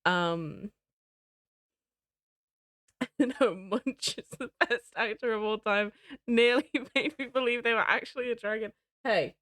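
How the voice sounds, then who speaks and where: A woman streamer chatting casually to her viewers, excitable and giggly. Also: on the high side, slow pace, long pauses, dry recording, studio quality. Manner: excitable, giggly, talks to chat. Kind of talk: casual live-stream chat.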